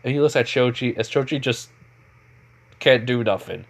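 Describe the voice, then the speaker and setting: A man's voice: mid-range voice, moderate pace. A man casually narrating an improvised fan-fiction story, rambling along with many fillers and self-corrections.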